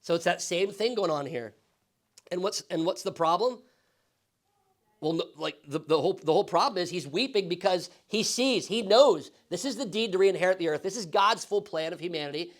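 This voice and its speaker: High-voiced pastor teaching casually. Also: male voice, lively intonation, brisk. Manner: casual, asks the class questions, frequent "right?". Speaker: pastor teaching Bible study. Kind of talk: conversational Bible teaching. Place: church classroom.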